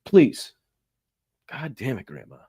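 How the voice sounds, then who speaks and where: A man's voice: medium pitch, huge pitch swings, slow pace, warm tone, slightly rough, no echo. A man with a Boston accent hosting a live stream, chatting casually, swearing now and then and thanking viewers by name.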